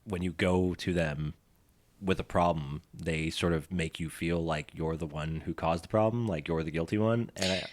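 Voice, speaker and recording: A man's voice: sits low, fairly even intonation, normal speed, no echo. A man co-hosting an interview, speaking in a reflective, conversational way. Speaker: podcast co-host. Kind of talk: casual interview chat.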